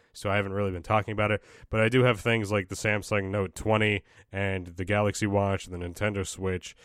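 A young man ranting on his own podcast, swearing freely and restarting sentences in exasperation. His voice sits fairly low. The recording is dry and close. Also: fairly bright tone, no room sound. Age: young adult. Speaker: podcast host. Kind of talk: casual ranting solo podcast.

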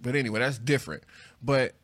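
A man's voice: medium pitch, steady tone, fast, a bit bright. A young man co-hosting a podcast, laid-back and articulate, chatting casually and swearing freely. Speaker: podcast co-host.

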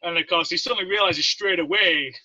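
This is a Navy veteran from Leeds, England, with an English accent and a high-pitched voice, talking fairly quickly. As an interview guest he tells casual stories, animatedly imitating the people he quotes. The recording is dry, dull, and lo-fi.

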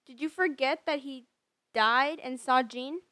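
A woman chatting casually and adding plot details in a lively back-and-forth. Her voice sits a little high and sounds smooth and clear. The recording is close and dry. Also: a little slow, dry recording. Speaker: movie recap co-host. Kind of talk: casual chat.

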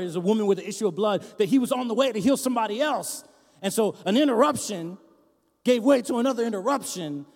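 A man preaching as pastor in a church hall, his high voice carrying a long reverb. He swings between loud, rousing shouts and soft, near-whispered asides. His delivery is lively and conversational. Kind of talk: sermon.

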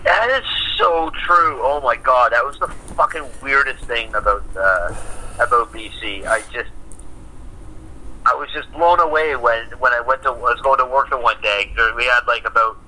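A man's voice: mid-range voice, moderate pace, slight background noise, low-quality recording. A man from Ontario chatting casually as a co-host, swearing freely and laughing often as he tells stories. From Ontario, Canada. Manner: swears a lot, laughs often, animated storytelling. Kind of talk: casual chat.

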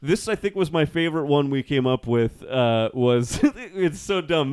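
A man's voice: a little high, expressive, brisk, few pauses, a little mellow, smooth. A man co-hosting a podcast, telling a story with eager, laughing enthusiasm in casual chat. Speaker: podcast co-host.

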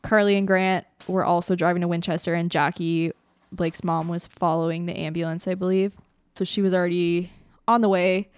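A woman's voice: lowish voice, level tone, moderate pace, clear, resonant tone, no room sound. A young woman from Canada co-hosting a podcast, telling a personal story in a chatty way, with many fillers and laughs between lines. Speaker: podcast co-host. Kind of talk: casual storytelling.

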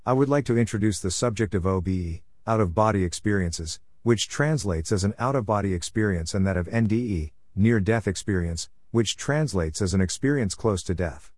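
Earnest low-voiced man narrating. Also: animated, fairly quick, few pauses, darkish tone, no room sound. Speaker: narrator of a personal testimony. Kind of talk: scripted voice-over narration.

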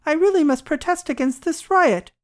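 A woman reading a story aloud, voicing a gentle, grave old male doctor who speaks slowly, quietly and formally. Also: fairly high pitch, clear, resonant tone, voice pushed up, lightly acted. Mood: protesting.

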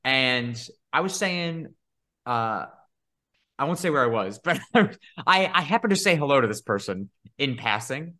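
Speaking a little slowly at medium pitch, a man co-hosting a podcast tells a story in casual conversation. He's animated and swears freely.

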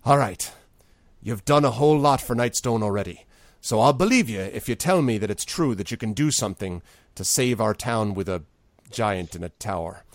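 A man's voice: lowish voice, expressive, normal speed, no echo. A man voicing a weary, earnest male innkeeper who was made mayor in a tabletop game.

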